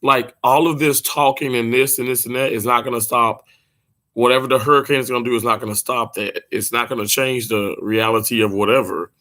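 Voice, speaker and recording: A man from Mississippi, a little hoarse, chatting casually and playfully with livestream viewers from a hotel room, laughing often and drawing words out. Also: medium pitch, fairly even intonation, a little fast, sharp tone. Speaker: livestream host.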